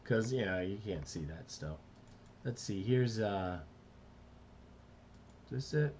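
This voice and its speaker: Animator streamer, easygoing rambling talk, animated delivery. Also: male voice, fairly low pitch, slow pace, a little hiss or hum. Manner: rambling, self-talk while working. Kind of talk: casual live-stream chat.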